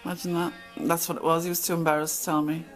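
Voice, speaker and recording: A woman's voice: fairly low pitch, little pitch movement, fast talker, soft background music, rough recording. A middle-aged woman telling stories from her past in a casual, blunt monologue. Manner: chatty, blunt, acts out quoted exchanges. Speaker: channel host.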